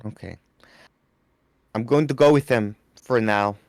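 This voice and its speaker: Guy playing his character in a tabletop game, middle pitch, kinda halting and unsure, dry close sound. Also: darkish tone, no room sound. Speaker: player.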